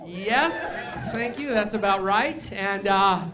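A man's voice: sits high, expressive, takes it slowly, echoey room. A young man from New Mexico doing a stand-up set on a club stage, with punchy jokes and asides to the crowd. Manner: punchy joke delivery with fillers and crowd asides. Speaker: stand-up comedian. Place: comedy club stage with laughing audience. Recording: live club recording with crowd noise.

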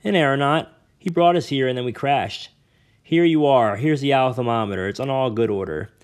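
A man voicing a fierce, defiant young girl who talks in a rough dialect, close to tears. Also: medium pitch, brisk, lightly acted. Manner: rough dialect speech, ain't and me own.

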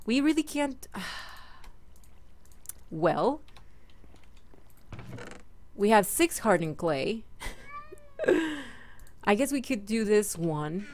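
A woman's voice: medium pitch, very animated, extremely slow, long pauses, a little mellow, slight background noise. Chatty woman narrating her gameplay. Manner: chatty and playful, talks to her in-game pets. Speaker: gaming channel host. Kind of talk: casual let's-play commentary.

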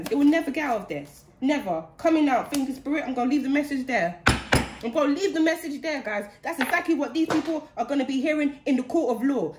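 A woman's voice: sits high, slight background noise. A woman giving a channeled spiritual reading in an indignant, heated way, repeating phrases for emphasis. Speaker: spiritual card reader. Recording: roomy echo.

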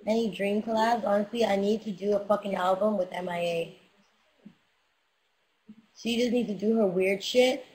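A woman's voice: medium pitch, steady tone, normal speed, long pauses, a little mellow, rough recording. A young woman rapper chatting casually with fans on a livestream, hyped and profane, giving motivational talk into a webcam mic.

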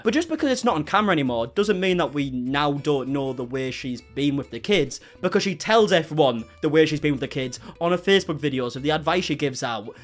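A man doing reaction commentary, sarcastic and incredulous, swearing often. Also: a little high. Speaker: commentary YouTuber.

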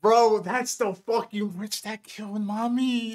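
A young man reacting to a film, excitable and slangy, blurting confused outbursts as he watches. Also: high voice, a little slow. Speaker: anime reactor. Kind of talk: reaction video commentary. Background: film soundtrack music.

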